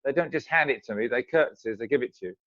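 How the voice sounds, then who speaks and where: Fast-talking man on a dull video call. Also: medium pitch, a bit bright. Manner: chatty, acts out little exchanges. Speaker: interview guest. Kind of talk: casual video-call chat. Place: home in Zambia.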